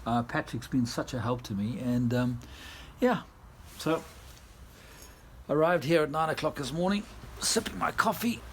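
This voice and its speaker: A man's voice: a little high, measured pace, a bit bright, slight background noise. A South African-born man vlogging outdoors, chatting casually and laughing often as he tells a tired, rambling story. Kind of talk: casual vlog chat. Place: outdoors, garden and yard.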